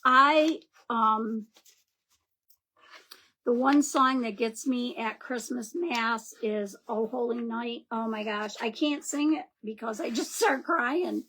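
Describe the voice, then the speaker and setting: A woman's voice: on the high side, slow pace, bright, forceful tone. A woman hosting a live crafting demo, chatting and greeting viewers by name as she works. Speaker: craft livestream host.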